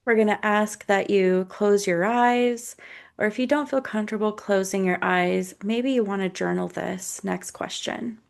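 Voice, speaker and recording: A thoughtful woman therapist co-hosts a wellness podcast in a mid-range voice. She reflects gently on childhood stories, pausing often with ums and likes as she invites listeners to look inward. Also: medium pitch, vocal fry. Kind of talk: casual podcast chat, reflective.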